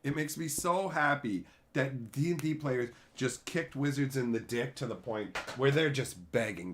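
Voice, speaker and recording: A man's voice: medium pitch, animated, moderate pace, few pauses, a bit bright. A man hosting a live stream, ranting casually and sarcastically with plenty of profanity while reading out chat messages. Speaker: livestream host reading chat.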